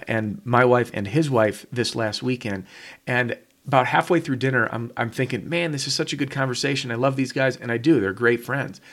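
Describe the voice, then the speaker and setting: Man, podcast host, casual teaching talk, emphatic, rhetorical questions, middle pitch.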